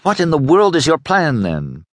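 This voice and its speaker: A man's voice: mid-range voice, very animated, measured pace, a bit bright, no echo, voice pushed up. A man voicing a determined young noblewoman in an audiobook, urgent and pleading. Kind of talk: audiobook character voice.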